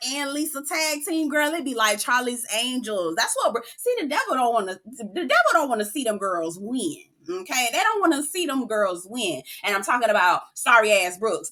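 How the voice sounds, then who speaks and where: A woman recapping a reality show in a sassy, animated way, cussing freely and calling her listeners "girl.". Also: fairly high pitch, moderate pace, hardly any pauses.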